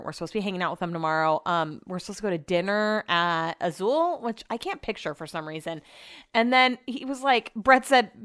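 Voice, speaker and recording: A woman's voice: a little high, fairly bright tone. A young woman from the United States hosting a podcast, chatting casually and rambling with lots of asides. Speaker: podcast host. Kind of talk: casual chat to camera.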